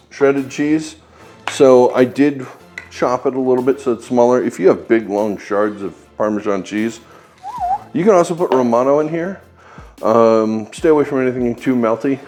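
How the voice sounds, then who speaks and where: A man's voice: medium pitch, a little mellow. A man hosting a home cooking video, demonstrating a recipe in a chatty, joking way with bossy asides. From United States. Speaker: home cooking channel host.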